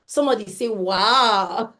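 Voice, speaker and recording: A woman's voice: mid-range voice, slow, sharp tone. A woman hosting a live event, gushing and exclaiming, and laughing often between her remarks. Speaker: event host.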